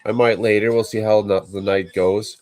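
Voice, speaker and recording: Laid-back deep-voiced male streamer. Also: little pitch movement, normal speed, darkish tone. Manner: laid-back, reads viewer chat aloud. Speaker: livestream host. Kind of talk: casual livestream chat.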